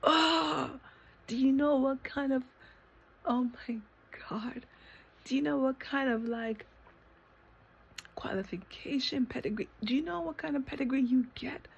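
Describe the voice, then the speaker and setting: Husky woman in impassioned self-talk. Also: high-pitched, darkish tone. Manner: impassioned, repetitive, swearing, sometimes dropping to a whisper; halting restarts when emotional. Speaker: vlogger. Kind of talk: emotional self-talk monologue.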